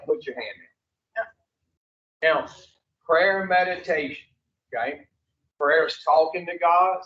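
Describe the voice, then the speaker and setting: A man teaching an addiction recovery class, blunt and profane, quizzing the group and drawing answers back from them. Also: fairly high pitch. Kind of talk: classroom teaching with call-and-response. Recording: echoey room, far from the mic, dull lo-fi.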